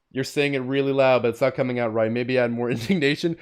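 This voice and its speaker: A man streaming a video game speaks with a medium-pitched, clean voice, a little fast and with hardly any pauses. Between casual remarks he reads the game's text aloud, animatedly acting out lines in dramatic voices.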